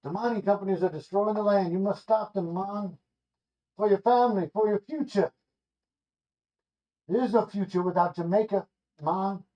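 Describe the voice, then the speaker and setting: A man's voice: high-pitched, moderate pace, long pauses, dark tone, pitched above the performer's own voice, lightly acted. A man voicing a mystic male reggae star in a vision, speaking solemnly and prophetically, in a dull lo-fi recording. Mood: prophetic.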